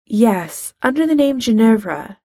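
Storybook lead: a jittery young man on a first date, read by a woman, gravelly and dry. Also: fairly high pitch, big pitch swings, mellow, dry recording, heavily acted. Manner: nervous, quick, self-conscious. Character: nervous young wizard man, awkward and teasing.

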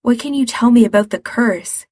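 A woman's voice: on the high side, moderate pace, a little mellow, no echo, studio quality, pitched above the performer's own voice, lightly acted. A woman voicing an anxious, determined young man who speaks urgently and presses for answers in a read-aloud story.

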